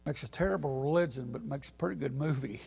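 A man preaching a sermon, telling a story and building to loud, emphatic peaks. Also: mid-range voice, fast talker, creaky, breathy edge.

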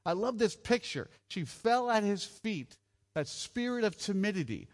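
High-voiced man preaching conversationally. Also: big pitch swings, normal speed. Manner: conversational, jokey, asks the audience questions. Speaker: preacher at a children's home gathering. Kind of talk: sermon.

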